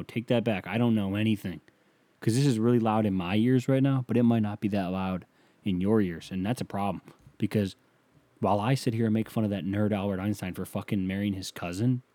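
A man's voice: fairly low pitch, mellow, dry recording. A man hosting a casual solo podcast from a small home studio, talking crude and rambling and mocking himself, close on a sensitive mic. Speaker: podcast host.

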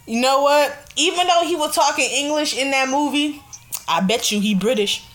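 Excitable young woman radio host. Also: high-pitched, moderate pace. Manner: animated, excitable, laughing often. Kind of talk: casual chat.

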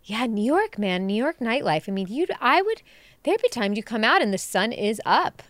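A woman co-hosting a podcast, telling stories in an expressive, emotional way during casual chat. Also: a little high, normal speed, dry recording. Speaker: podcast co-host.

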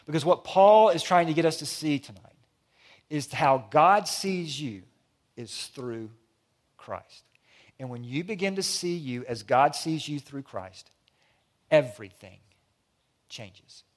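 A middle-aged man preaching a sermon, swinging between loud emphatic lines and hushed, quiet ones. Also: fairly high pitch, expressive, moderate pace. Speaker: pastor.

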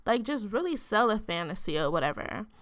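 A woman's voice: mid-range voice, big pitch swings, a little fast, no echo, clean studio sound. A woman hosting a podcast, tipsy and talking frankly in a loose, profane, rambling way full of filler words. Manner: says she code-switches into a different voice on the podcast. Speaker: podcast host. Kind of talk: casual frank sex-advice chat.

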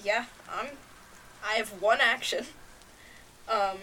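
A woman's voice: fairly high pitch, steady tone, slow pace, bright, forceful tone, a little hiss or hum, poor audio. A woman playing in a tabletop game, talking casually and hesitantly with lots of ums. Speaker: player.

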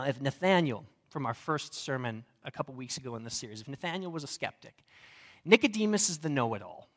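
A young man preaches with a slightly high voice. His sermon is relaxed and chatty, with humor woven in. He is a pastor talking to his congregation. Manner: conversational and humorous, varied delivery.

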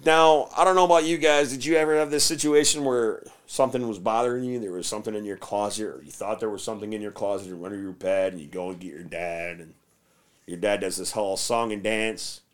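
A man's voice: on the low side, fairly even intonation, brisk. A man rambles through a movie recap on his podcast, swearing freely. He slips in and out of exaggerated voices for the characters as he retells scenes. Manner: crude, rambling, acts out scenes in silly voices. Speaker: podcast host. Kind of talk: casual movie recap with profanity.

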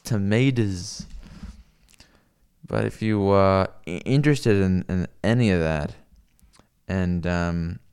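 A man's voice: low voice, a little slow, a little mellow, clear, resonant tone. A young man from the US West Coast, chatting casually and profanely with his stream viewers, rambling with lots of fillers.

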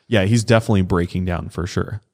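Low-voiced man casually retelling a case. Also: steady tone, quick pace, creaky, darkish tone. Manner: casual, conversational retelling with acted quotes. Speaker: podcast co-host. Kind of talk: casual true crime storytelling.

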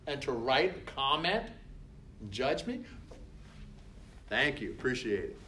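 A man's voice: medium pitch, big pitch swings, takes it slowly, pauses often, pushed and bright, slight background noise. A man speaking as a coach in a motivational talk. He is emphatic and repetitive, and he acts out other people's words.

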